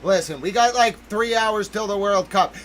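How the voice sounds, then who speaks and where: A man hosting a livestream, talking in an excitable, emphatic way and greeting chat members by name. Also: sits high, normal speed, slight background noise, rough recording. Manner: excitable, emphatic, keeps repeating "listen to me". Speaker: livestream host. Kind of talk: livestream commentary.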